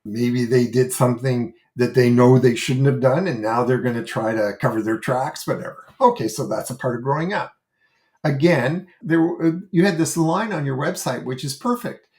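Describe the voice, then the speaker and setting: Earnest man explaining, mid-pitched voice. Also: moderate pace, darkish tone. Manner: earnest, explanatory, emphatic on key words. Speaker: guest expert on child behaviour. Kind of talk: podcast interview, explaining.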